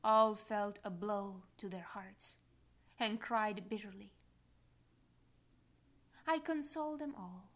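Woman reading as a gentle motherly heavenly queen. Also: a little high. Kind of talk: devotional reading.

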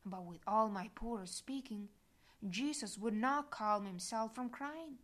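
A woman's voice: fairly high pitch, a bit bright. Woman reading a devotional diary. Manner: solemn, measured. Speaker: reader.

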